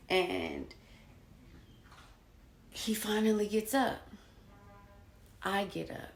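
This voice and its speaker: A woman telling a raw personal story in a candid, unpolished way, swinging between hushed and loud. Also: medium pitch, wildly swooping pitch, drawn-out words, long pauses, echoey room. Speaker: storyteller sharing her own experience.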